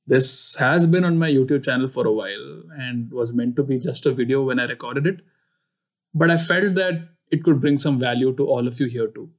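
A man's voice: medium pitch, moderate pace. A man hosting his own show, explaining an idea through a personal story in a casual, conversational way with lots of "you know" asides. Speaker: podcast and video host. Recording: echoey room with faint music.

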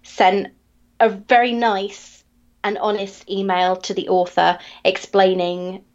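A woman's voice: mid-range voice, little pitch movement, slow pace, dull audio. A woman co-hosting a book podcast, blunt and giggly, chiming in. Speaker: podcast co-host. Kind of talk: casual book-club chat.

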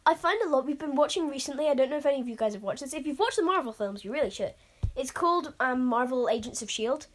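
Sex: woman. Role: podcast co-host. Style: casual, rambling chat. Pitch: slightly high. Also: expressive, quick pace. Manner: chatty, rambling, with many restarts and fillers. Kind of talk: casual chat reviewing a game.

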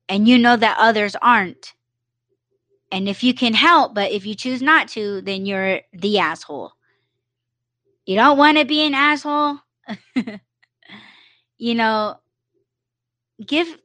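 A woman's voice: fairly high pitch, measured pace, long pauses, a bit bright, no echo. A woman hosting a live podcast, talking in a loose, rambling way, full of "you know", swearing freely and acting out little quoted exchanges. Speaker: podcast host. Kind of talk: casual livestream monologue.

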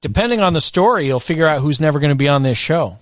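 A man co-hosts a casual podcast with a wry, teasing manner. His voice sits a little high. The recording is dry and close. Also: animated, quick pace, no echo. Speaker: podcast co-host. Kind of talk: casual chat.

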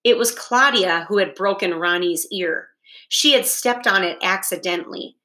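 A woman reading a children's novel aloud with steady, deliberate storytelling. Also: mid-range voice. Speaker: reader.

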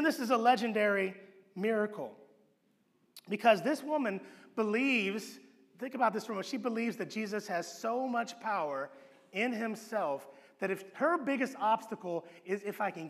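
A man preaching a sermon as pastor, telling the story with animated acted-out voices and dropping to a low hush for emphasis. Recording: long hall reverb.

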